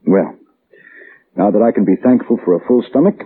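An actor playing a patient, gently mocking father in a 1940s radio drama, heard on an old tinny broadcast. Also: fairly low pitch, moderate pace, slight background noise, lightly acted. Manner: dry and indulgent, gently mocking. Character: patient, teasing middle-aged father.

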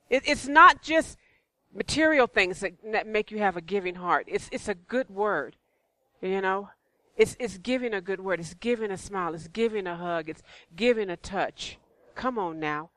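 A woman's voice: mid-range voice, bright, forceful tone, no room sound. A woman preaching in church, conversational and repetitive, with rhetorical questions. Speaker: church speaker. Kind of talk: sermon.

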